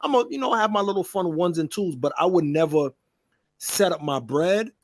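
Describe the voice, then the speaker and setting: A man's voice: high-pitched, lively intonation, normal speed, dry recording, studio quality. A man in a casual podcast chat, slangy and full of fillers, checking in with the listener over and over. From New York. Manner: slangy, full of fillers like "you dig what I'm saying".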